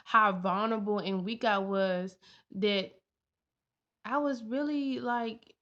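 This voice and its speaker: A woman's voice: mid-range voice, takes it slowly, fairly bright tone. A young woman vlogging in an earnest, heartfelt way, repeating her lines for emphasis. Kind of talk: personal vlog talk. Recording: dull lo-fi sound.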